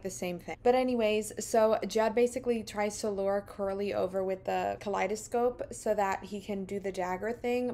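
A young woman talking casually and quickly as she recaps a musical, dropping into quick voices for the characters. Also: medium pitch, darkish tone, a little hiss or hum. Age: young adult. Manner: chatty, fast, acts out the lines with quick put-on voices. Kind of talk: casual recap while eating.

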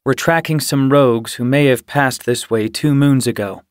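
A man's voice: mid-range voice, fairly even intonation, normal speed, clean tone, dry recording, studio quality, voice pushed up, lightly acted. A man voicing a wary, guarded young warrior tomcat in an audiobook. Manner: guarded, tense.

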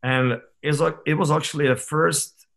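A man's voice: fairly high pitch, fairly even intonation, normal speed, creaky, fairly bright tone. A man over thirty, a guest on a podcast, telling stories in a candid, reflective way with many fillers and restarts. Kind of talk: casual conversational interview.

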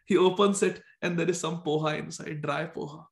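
Man, high voice, gravelly, devotional storytelling, emphatic repetition, echoey room. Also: steady tone, brisk. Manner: emphatic, repeats phrases. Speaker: storyteller and speaker.

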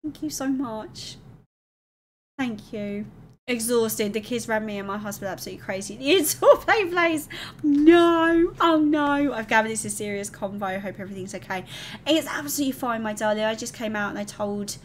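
Speaking at a brisk pace with fairly even intonation, a woman with a medium-pitched voice chats casually on her live stream over slight background noise. She's candid, emotional and rambling, warmly thanking her viewers and calling them darling.

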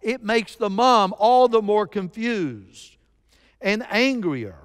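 A male pastor delivers a sermon at a deliberate, unhurried pace, his fairly high voice leaping up for emphasis. The sound carries a long reverb from the church sanctuary. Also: animated, clean tone. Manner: storytelling with sudden emphatic rises.

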